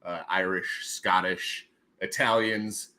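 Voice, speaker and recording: A man's voice: low-pitched, fairly even intonation, slow, pushed and bright. A man hosting a casual livestream, rambling and joking and laughing often between his remarks. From United States. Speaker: livestream host.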